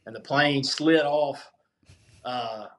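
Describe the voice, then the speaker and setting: A man's voice: mid-range voice, takes it slowly, fairly bright tone. A middle-aged man from the Mississippi Gulf Coast, a former football coach guesting on a podcast, telling stories in a laid-back, matter-of-fact way. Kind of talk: casual podcast interview.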